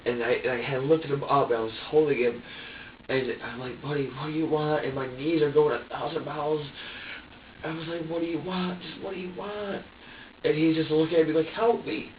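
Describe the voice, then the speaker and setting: A man being questioned by police, talking haltingly with many restarts and acting out his own past words. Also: fairly high pitch, fairly even intonation, slight background noise. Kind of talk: police interrogation. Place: interrogation room. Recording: distant echoey phone-like archive audio.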